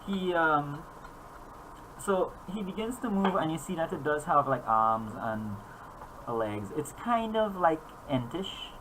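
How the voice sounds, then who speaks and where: A man's voice: on the high side, expressive, takes it slowly, a bit bright, slight background noise, poor audio. A man narrating as game master, rambling with frequent fillers and restarts.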